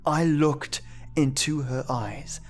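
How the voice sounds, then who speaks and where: Slow somber male horror narrator. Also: on the high side. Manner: slow, measured, somber reading. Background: faint music.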